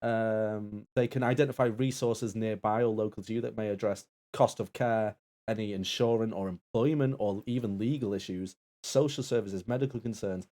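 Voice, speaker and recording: A man with a fairly low voice talks into his stream mic, making a sincere appeal. He rambles and restarts, but the tone stays earnest. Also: steady tone, normal speed, dark tone. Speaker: co-host and Taskmaster assistant.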